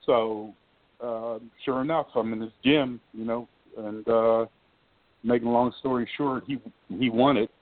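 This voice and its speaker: An older man, a former basketball shooting coach, telling a casual anecdote as a lively storyteller who acts out the dialogue he quotes. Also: medium pitch, measured pace, dry recording. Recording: tinny phone-like line, dry.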